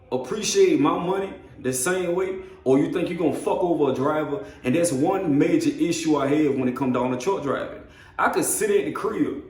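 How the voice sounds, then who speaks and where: Trucker guy venting, cussing a lot, kinda high voice, echoey room. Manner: blunt, profane, animated storytelling. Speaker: truck driver vlogger. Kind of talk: casual storytelling rant.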